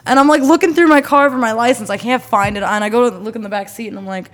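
A young woman in casual chat, reacting fast with jokes and then telling her own story. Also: a little high. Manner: quick reactive asides and jokes.

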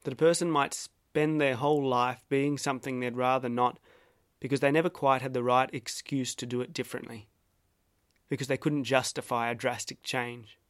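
A man's voice: medium pitch, flat delivery, no echo. Wry Australian man narrating, dry sound. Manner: measured, wry and self-deprecating. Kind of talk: reflective personal essay narration.

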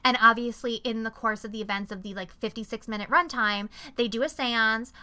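A young woman co-hosts a casual podcast, telling animated stories packed with swearing and filler words. Her voice sits fairly high and sounds bright and crisp, with a smooth, clean tone. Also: brisk. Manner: animated, profane storytelling full of fillers. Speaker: podcast co-host. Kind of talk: casual chat.

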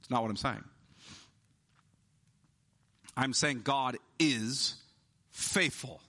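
Forceful, bright-voiced male preacher. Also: mid-range voice. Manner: emphatic preaching, slowing down to stress key words. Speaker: pastor. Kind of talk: sermon.

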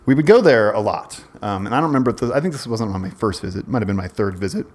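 A man's voice: on the low side, expressive, very fast, a little mellow. Rambling man telling a long story. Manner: rambling, self-interrupting storyteller. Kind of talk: casual storytelling chat.

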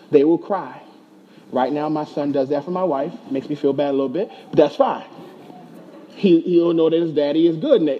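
High, dark-toned man preaching a sermon. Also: slightly rough, highs cut off. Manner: preaching with rhetorical questions and repetition. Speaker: pastor.

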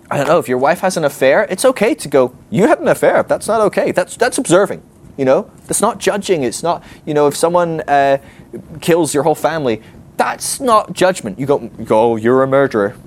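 A man teaching a ministry class in a conversational way, often acting out what people might say to themselves. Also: mid-range voice. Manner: animated, conversational, acts out quoted inner voices.

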